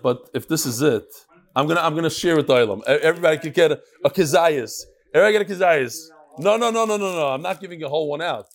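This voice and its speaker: A man teaching a casual religious class to a live audience, joking and bantering with the room between lessons. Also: a little high. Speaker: rabbi teaching a daily class. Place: study hall with a live audience.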